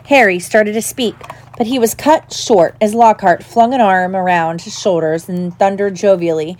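A woman reads a storybook chapter aloud as narrator, keeping a steady, measured pace between the character voices. Her narration stays plain and even. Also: mid-range voice. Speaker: audiobook reader.

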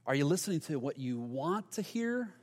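A man delivers a sermon in an animated storytelling manner, slipping into the voices of the people he quotes. His voice sits a little high, and a long reverb trails after his words in a large hall. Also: normal speed. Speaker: pastor.

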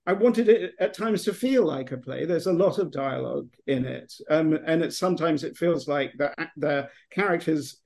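A middle-aged man with an English accent, speaking in a fairly high voice for a man. He rambles in long, winding answers, full of restarts and fillers, as a podcast guest. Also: moderate pace, gravelly, few pauses, darkish tone. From England. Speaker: author guest. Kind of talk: podcast interview.

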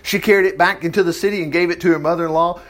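A man's voice: sits high, steady tone, very fast, fairly bright tone. A man reading a Bible passage aloud and breaking off into chatty, exclaiming commentary, sometimes losing his place. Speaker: Bible teacher.

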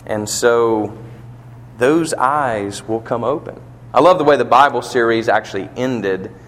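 A man's voice: medium pitch, measured pace, a bit bright. A man preaching a sermon, building to emphatic peaks and asking rhetorical questions, in a church or funeral hall. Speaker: pastor. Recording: long reverb of a large hall.

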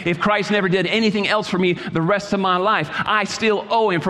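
A man preaching a sermon in an exhorting manner, repeating his phrases and moving between quiet asides and loud calls. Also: sits high, normal speed, hardly any pauses, long reverb tail. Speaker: pastor.

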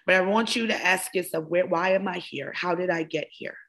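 Impassioned woman with a low voice. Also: brisk, a bit bright. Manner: impassioned, preachy, repeating phrases. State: emotional. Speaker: podcast host, wellness coach. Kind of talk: motivational monologue.

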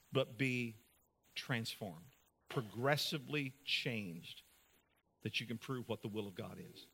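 A man preaching a sermon as pastor, earnest, moving between brisk talk and slow, soft passages. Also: on the low side, slightly rough.

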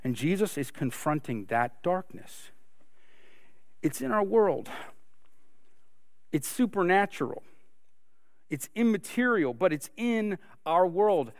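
A man's voice: high-pitched, very animated, slow pace, long pauses, no room sound, studio quality. A man preaching a sermon, earnest and full of rhetorical questions. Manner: earnest, asks rhetorical questions, many restarts. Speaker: pastor.

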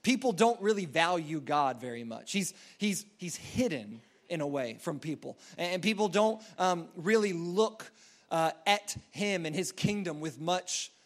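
A man's voice: on the high side, lively intonation, measured pace. A man preaching a sermon in a casual, rambling storytelling way, full of fillers and restarts. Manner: acts out quoted voices in a story.

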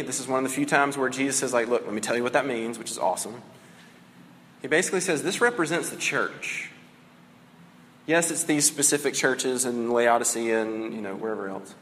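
A man's voice: mid-range voice, fairly bright tone, long reverb tail, slight background noise. A man preaching a sermon as a pastor, conversational and casual, often saying "like" and "right?".

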